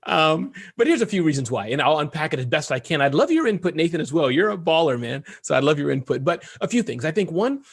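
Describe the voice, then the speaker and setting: A man being interviewed as a guest entrepreneur, talking fast and animated and joking as he goes. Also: a little high, gravelly, husky. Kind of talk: casual interview talk.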